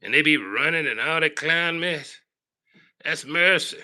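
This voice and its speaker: A man ranting on his live stream in a very bright, sharp-edged voice. He preaches and scolds, dropping from low grumbles to raised calls. He keeps tacking "boy" onto his lines. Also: unhurried. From Southern United States. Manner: big swings between low grumbling and raised shouting. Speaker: livestream host.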